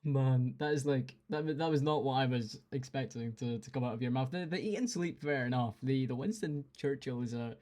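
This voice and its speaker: A man hosting a casual chat, teasing his guest with quick jokes and frequent laughs. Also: mid-range voice, mellow. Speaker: podcast host.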